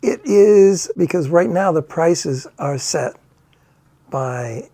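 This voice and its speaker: A man who works as a bullion dealer, talking in a halting, casual way with many pauses. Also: a little high, animated, warm tone. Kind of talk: casual chat.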